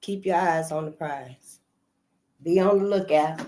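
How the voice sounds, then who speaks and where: A woman's voice: deep voice, unhurried, dark tone, a little hiss or hum. A woman hosting her channel, talking casually to her audience, often repeating herself and trailing off mid-thought. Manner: loose, conversational, trailing off and repeating phrases. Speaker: channel host. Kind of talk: casual spoken commentary.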